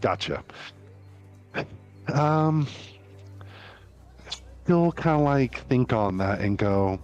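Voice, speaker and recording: A man's voice: mid-range voice, animated, extremely slow, long pauses, a little mellow, clear, resonant tone, faint music behind. A man playing in a tabletop game, talking hesitantly with lots of ums. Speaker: player. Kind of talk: casual tabletop play.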